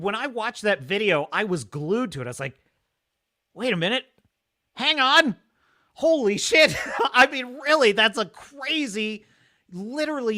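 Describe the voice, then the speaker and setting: A man hosting a live stream, reading viewer comments and ranting in an animated, laughing way. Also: on the high side. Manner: animated, ranting, laughs often, mocks pronunciations. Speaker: host.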